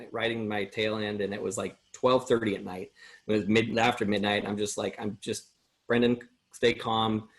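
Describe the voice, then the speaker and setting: A middle-aged American man tells his personal recovery story at a workshop, earnest and rambling, with many restarts. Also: lowish voice.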